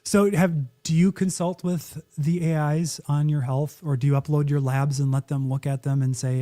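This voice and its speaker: Wry, mellow-voiced man. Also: a little high, little pitch movement, moderate pace, hardly any pauses. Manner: wry, opinionated, acts out quotes. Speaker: podcast co-host. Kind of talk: casual podcast chat.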